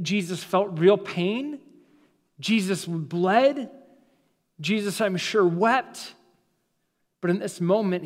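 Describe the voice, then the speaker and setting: A man, a pastor, preaching a sermon with dramatic pauses, slowing down and dropping soft for emphasis, in a church sanctuary. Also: high-pitched, in a large hall. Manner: dramatic preaching, slows and drops to near-silence for emphasis.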